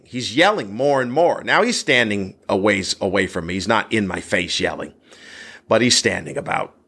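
A man, a stand-up comedian, telling a story about a heckler in a lively, animated way. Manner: animated, voice jumps high when worked up. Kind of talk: casual anecdote telling.

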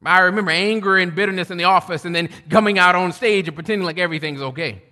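Pastor preaching in a reverberant hall. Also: male voice, high voice, fast. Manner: swings from loud preaching to quiet storytelling. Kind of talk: sermon.

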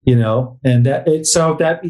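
A man's voice: mid-range voice, a little slow, a little mellow. A middle-aged man co-hosting a casual book talk, rambling, restarting sentences and reading passages aloud. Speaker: podcast co-host.

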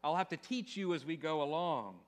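A preacher reading as a patient talking horse. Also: male voice, a little high, lively intonation, a little fast, lightly acted. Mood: teasing. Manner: gently teasing, then kind.

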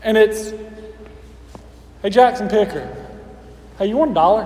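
A man's voice: sits high, measured pace, long pauses, a little mellow, roomy sound, long reverb tail. A man preaching a sermon as pastor, casual and conversational with playful asides to the congregation.

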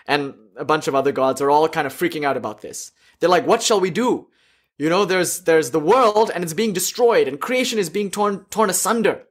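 Husky man retelling myths casually. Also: fairly high pitch. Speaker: teacher of yoga philosophy. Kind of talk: casual storytelling lecture.

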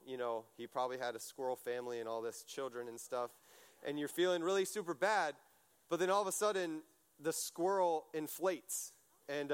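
Here a man with a fairly high pitch preaches informally, spinning animated, talkative stories. He keeps using fillers and starting sentences over.

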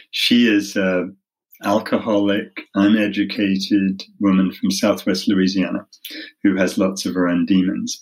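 A man's voice: low-pitched, slightly rough, rough recording. A middle-aged man with a British accent, a lawyer telling stories in a conversational interview, wry and self-deprecating. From half American, half British. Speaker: human rights lawyer.

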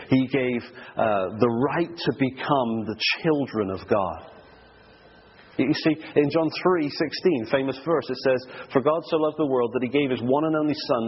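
A man's voice: mid-range voice, a little hiss or hum. A man preaching a sermon earnestly and emphatically, often restarting his words. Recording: dull lo-fi recording with long hall reverb.

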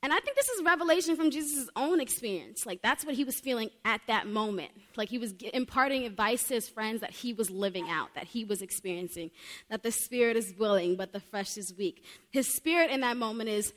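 A woman's voice: fairly high pitch, expressive, fairly quick, fairly bright tone. A young woman preaching a sermon in a heartfelt, earnest way, often saying "like" between her thoughts. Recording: long reverb of a large hall.

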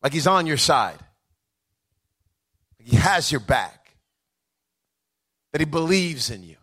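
A man preaching a sermon, moving between quiet conversational asides, chuckling stories and a rising, rhythmic preacher's cadence. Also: a little high, big pitch swings, slow. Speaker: pastor.

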